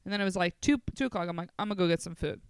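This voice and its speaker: A woman, co-hosting a podcast and telling animated, profane, self-mocking stories in casual chat. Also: fairly low pitch, very fast, vocal fry, smooth, dry recording. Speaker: podcast co-host.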